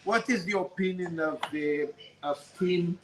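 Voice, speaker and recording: A man with a fairly high voice, talking as a guest on a casual live stream. He is hesitant and repeats words as he finds them, and mostly goes along with the host. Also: unhurried, a bit bright, poor audio.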